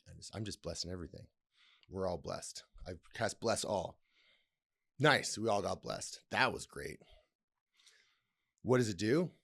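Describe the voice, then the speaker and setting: A male podcast host with a somewhat low voice talks on his own, reading a text aloud and riffing on it. He laughs a lot, swears casually and rambles in a playful way. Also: lively intonation, unhurried, vocal fry, pauses often, a bit bright. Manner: laughs often, swears, reads aloud and comments. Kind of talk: casual solo podcast talk.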